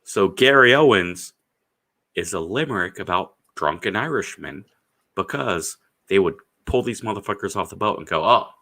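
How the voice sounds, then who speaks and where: A man's voice: low-pitched, sharp tone. A man hosting a casual stream chat, telling rambling, profane stories and acting out the people in them. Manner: profane, storytelling, acts out quoted voices. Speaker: stream host.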